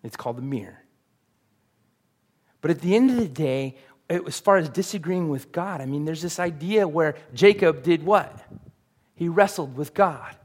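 Earnest pastor preaching, higher-pitched man. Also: animated, moderate pace, long pauses, a little mellow. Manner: earnest, confessional, swells to emphatic peaks. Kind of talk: sermon.

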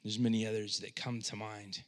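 A man preaching a sermon as pastor, speaking conversationally with frequent restarts and swinging from hushed, low passages to loud, impassioned cries. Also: flat delivery, normal speed.

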